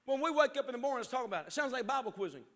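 A middle-aged man preaching a sermon as pastor in a church sanctuary, swinging between shouted appeals and hushed storytelling. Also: very high-pitched, animated, rapid-fire.

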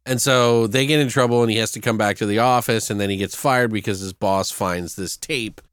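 A man's voice: fairly low pitch, fairly quick, fairly bright tone, smooth, no room sound, studio quality. A man co-hosting a podcast, chatting loosely about a film and retelling its scenes with casual swearing. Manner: loose, profane storyteller acting out scenes. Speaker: podcast co-host. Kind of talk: casual movie review chat.

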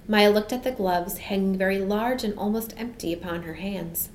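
An expressive woman reads a storybook aloud in a gentle, even voice at a mid pitch. Her reading echoes in a roomy space. A faint hum sits under the recording. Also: normal speed, hardly any pauses. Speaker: narrator.

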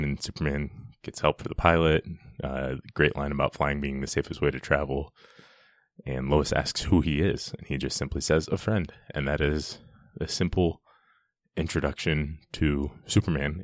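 A man's voice: rumbling low, no echo, clean studio sound. A man giving a casual, enthusiastic commentary on a film scene, chatty and often restarting his sentences.

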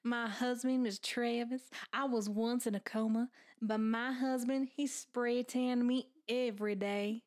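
A woman's voice: a little high, fairly even intonation, measured pace, a little mellow, natural voice. A woman putting on a joking Southern accent to play a wife who once lay in a coma. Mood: mock-earnest. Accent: put-on Southern US. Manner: joking, mock-earnest parody.

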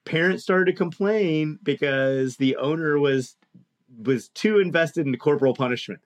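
A man telling a long story in casual chat, animated and profane, acting out the people he quotes. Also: a little high, moderate pace. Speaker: podcast co-host telling a story.

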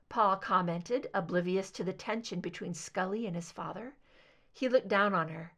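A woman reading fan fiction aloud with expressive narration. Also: mid-range voice, moderate pace. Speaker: reader.

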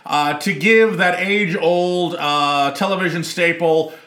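A male podcast host in his thirties with a bright, forceful voice, chatting loosely with co-hosts. He rambles through fillers and laughs easily. The room rings with noticeable echo. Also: high voice, slow pace. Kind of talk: casual chat. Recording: echoey room.

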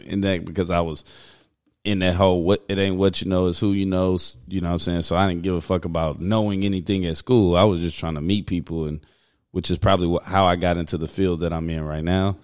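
Casting: young man, very low voice, relaxed slangy banter with frequent laughs. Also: a little fast, smooth. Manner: laid-back, laughs often, slangy. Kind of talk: casual chat.

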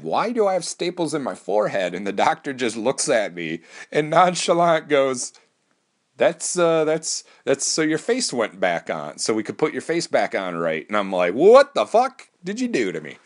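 Male podcast host, low voice, casual swearing monologue, many restarts. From Wisconsin. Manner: rambling and profane, with frequent restarts.

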